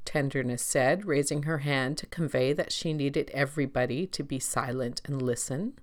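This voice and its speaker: A woman narrating a storybook in a calm, steady reading voice. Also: rumbling low, a little slow, hardly any pauses.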